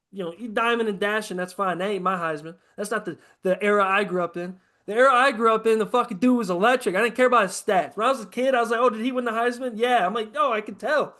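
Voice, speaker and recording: Man, high voice, podcast host, casual chat, profane, ranting. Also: a bit bright.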